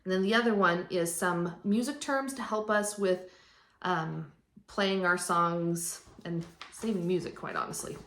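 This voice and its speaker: A woman's voice: lowish voice, a little slow, a bit bright. Patient woman teaching violin in echoey room. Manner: patient, plain step-by-step explaining with counting aloud. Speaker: strings teacher. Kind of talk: instructional explanation. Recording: echoey room, faint background noise.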